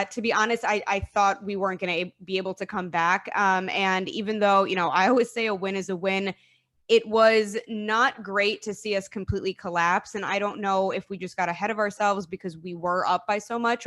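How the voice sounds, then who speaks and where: A woman's voice: mid-range voice, fairly even intonation, brisk, a bit bright. A woman guesting on a podcast, chatting enthusiastically with plenty of "um" and "you know". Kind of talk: casual chat.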